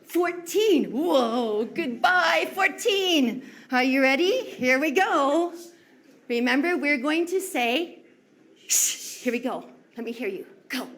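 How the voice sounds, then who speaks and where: Woman classroom teacher, high and lively voice, slow and sing-song. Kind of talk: classroom instruction.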